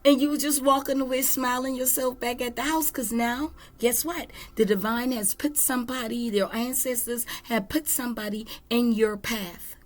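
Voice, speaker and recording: A woman giving a spiritual tarot reading, slow, emphatic and earnest. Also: on the high side, fairly even intonation. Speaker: tarot reader.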